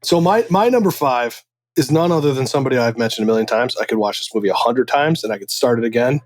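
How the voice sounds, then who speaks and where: A man hosting a casual drinks chat, telling stories in an animated way and laughing often. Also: mid-range voice, fast, no echo. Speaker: host.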